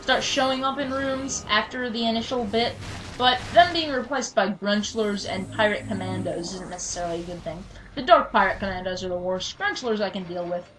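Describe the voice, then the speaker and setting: Talking fairly quickly in a medium-pitched voice, a female gameplay commentator chatters casually, jokes at her own expense and suddenly yells at enemies in mock anger. The low-quality recording has game music behind it.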